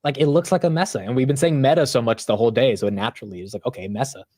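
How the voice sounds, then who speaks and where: A man hosting a live market stream, talking loudly and animatedly in casual commentary, often poking fun at himself. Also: mid-range voice, rapid-fire. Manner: loud, animated, self-mocking. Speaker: livestream market show host.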